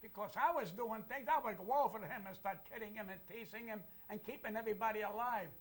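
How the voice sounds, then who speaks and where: A man's voice: high voice, fast talker. An older man, a comedian guest, telling brash, boastful comic stories and repeating lines for the punch. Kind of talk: comic storytelling.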